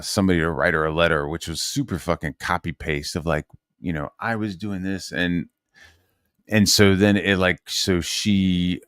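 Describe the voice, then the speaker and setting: A man's voice: sits low, fairly bright tone, clean tone, no room sound, clean studio sound. A man from Virginia, a channel host, telling a long profane, agitated story with many fillers and restarts. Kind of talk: casual ranting monologue.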